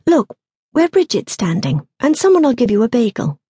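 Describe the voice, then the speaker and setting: A flustered, polite young woman trying hard to be patient, her voice lifting brighter and higher when she speaks, as a woman narrator reads her. It is a close, dry recording. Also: very animated, moderate pace, breathy edge, no room sound. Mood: coaxing. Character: harried young woman serving at a party, polite but strained. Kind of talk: audiobook narration.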